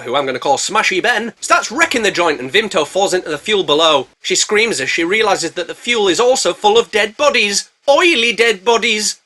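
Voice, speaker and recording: Sarcastic man, bright voice. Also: high-pitched, animated, normal speed, few pauses. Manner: sarcastic, jokey, slangy. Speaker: movie reviewer. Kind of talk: comedic movie recap narration.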